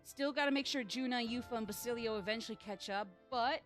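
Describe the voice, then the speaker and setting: Female streamer, casual game commentary, rambling and joking, a bit high-pitched. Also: brisk, fairly bright tone, faint music behind. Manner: chatty, jokey, rambling with many fillers. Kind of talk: livestream gaming commentary.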